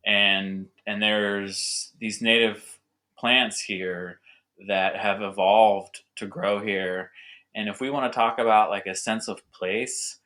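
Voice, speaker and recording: A man's voice: fairly low pitch, fairly even intonation, slow, sharp tone. A young adult man being interviewed as a winemaker, talking eagerly and rambling with lots of fillers. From North America. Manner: enthusiastic, rambling with many fillers. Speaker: winemaker guest. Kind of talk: casual conversational interview.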